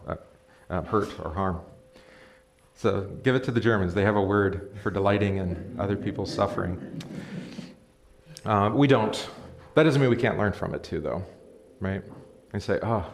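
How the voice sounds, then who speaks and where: A man's voice: on the low side, slight background noise. A man teaching a casual Bible study as pastor, talking to the room, asking questions and reading passages aloud. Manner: conversational, asks the room questions, chuckles. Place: church or classroom. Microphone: live stream mic.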